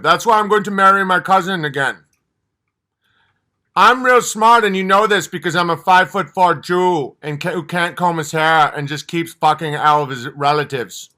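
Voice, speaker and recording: A man's voice: high-pitched, pushed and bright, heavily acted. A man mockingly voicing a smug, boastful old male genius with messy hair, bragging about how smart he is. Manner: mocking, self-satisfied bragging.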